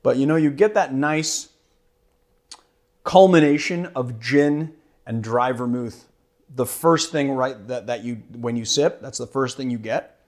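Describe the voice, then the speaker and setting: A man's voice: medium pitch, unhurried. A man hosting a cocktail show, chatting casually about a drink he is tasting, rambling and self-deprecating and laughing easily.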